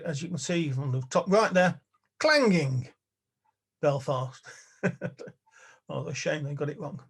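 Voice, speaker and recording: A man's voice: a little high, creaky, husky. Older Englishman giving a wry talk. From England. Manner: wry, chatty, with little chuckles. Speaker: lecturer. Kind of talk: illustrated public talk. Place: spare-bedroom study at home.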